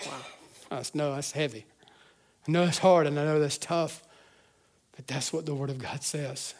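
High-voiced fervent male preacher. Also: fairly even intonation, moderate pace. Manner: earnest, swells from hushed to fervent, frequent restarts. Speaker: pastor. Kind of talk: sermon. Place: church service.

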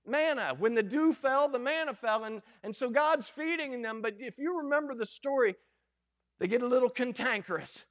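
A middle-aged man preaching a sermon as pastor, folksy and animated, acting out quoted lines. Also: extremely high pitch, moderate pace.

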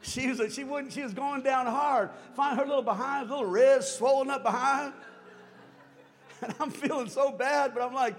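High-voiced preacher in a reverberant hall. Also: male voice, moderate pace. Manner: swings from hushed to shouting; storytelling with chuckles. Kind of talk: sermon. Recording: long hall reverb, faint music.

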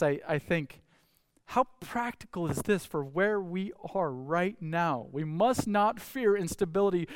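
Clear-voiced male pastor preaching animatedly. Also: no room sound, clean studio sound. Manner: animated preaching, swinging between loud calls and hushed low passages. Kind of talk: sermon.

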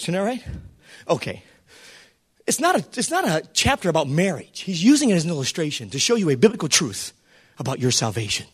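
A man preaching a sermon as pastor, swinging between shouted appeals and quiet asides and putting questions to the congregation. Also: high voice, breathy edge. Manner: preaches with fervor and calls out to the listeners.

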